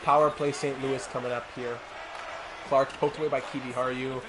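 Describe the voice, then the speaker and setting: Medium in pitch with little pitch movement, a man talks at a moderate pace over background noise. As he streams a hockey video game, he calls each play in imitation sportscaster fashion and makes side comments to chat.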